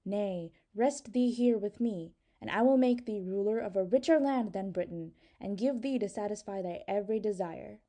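A woman's voice: mid-range voice, normal speed, hardly any pauses, dark tone, natural voice. Woman reading a proud, mocking sorceress. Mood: mocking, tempting. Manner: archaic, honeyed and scornful. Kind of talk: audiobook reading.

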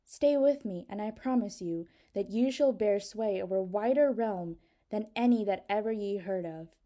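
A woman's voice: mid-range voice, normal speed, dark tone, natural voice. Woman reading a proud, mocking sorceress. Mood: pleading, tempting. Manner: archaic, honeyed and scornful. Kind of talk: audiobook reading.

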